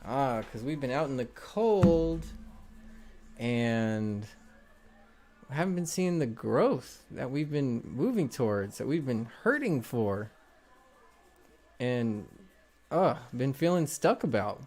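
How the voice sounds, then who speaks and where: A man's voice: mid-range voice, big pitch swings, slow, long pauses, darkish tone. A man doing a live tarot reading, encouraging and loose, rambling with many fillers. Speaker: tarot reader.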